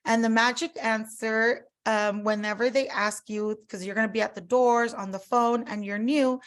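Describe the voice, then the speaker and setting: A woman's voice: on the high side, fairly even intonation, moderate pace. A woman giving a casual sales training talk, chatty, full of fillers and acted-out customer quotes.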